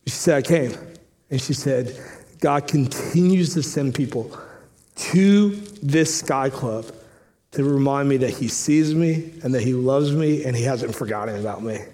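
A man preaching a sermon, telling a story with lively acted-out dialogue, then turning quiet and earnest. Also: mid-range voice, a little slow. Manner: animated storytelling, acting out dialogue; drops soft and quiet when earnest. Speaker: pastor. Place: church sanctuary.

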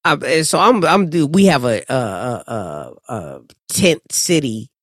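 A man's voice: medium pitch, sing-song, measured pace, a bit bright, dry recording, studio quality. A man in casual chat, telling stories bluntly, with exasperation and plenty of swearing. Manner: blunt, profane, exasperated storytelling.

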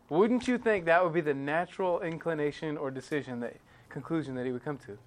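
A man preaching a sermon in a conversational way, often checking in with his listeners and swinging between quiet, heavy moments and louder, emphatic ones. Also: on the high side, brisk, hardly any pauses. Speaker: pastor.

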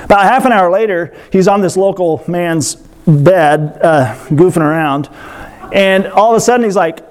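A man preaching a sermon in a lively, conversational way, acting out quotes with playful voices. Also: sits high, normal speed. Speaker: pastor.

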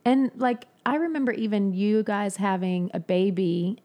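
A woman with a mid-range voice co-hosts a relaxed podcast. She is chatty and often agrees with the other speakers. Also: mid-range voice. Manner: chatty, quick to agree and chime in. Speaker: podcast co-host. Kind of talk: casual conversation.

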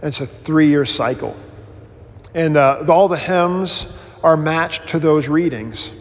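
Male pastor, informal class teacher, restless restarts, animated storyteller, slightly high voice. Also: takes it slowly, big-room sound. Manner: self-deprecating humor.

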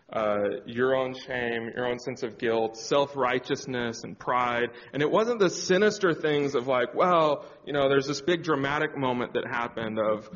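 A man speaking candidly about his own story in a sermon setting, pausing and reflecting with many fillers. His voice rings out with a long hall reverb. The sound is slightly dull and muffled. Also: mid-range voice, fairly bright tone. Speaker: church speaker. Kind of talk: personal testimony in a sermon.

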